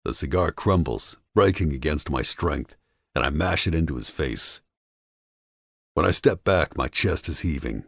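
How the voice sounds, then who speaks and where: A man narrating a first-person audiobook with a dark, menacing delivery, recorded on a close studio mic. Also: a bass voice, lively intonation, a little slow, creaky, slightly rough, no room sound.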